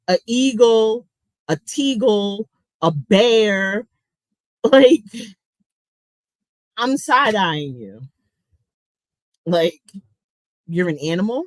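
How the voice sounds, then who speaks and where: Blunt, profane woman on a slow livestream. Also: a little high, dry recording, low-quality recording. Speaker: livestream commentary host. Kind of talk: casual livestream commentary, reading chat.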